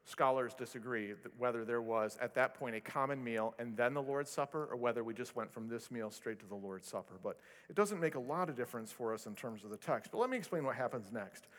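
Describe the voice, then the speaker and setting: A male pastor preaching a sermon, telling stories with animated delivery and self-deprecating humor. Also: medium pitch, fairly quick. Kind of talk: sermon with storytelling. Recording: long reverb of a large hall.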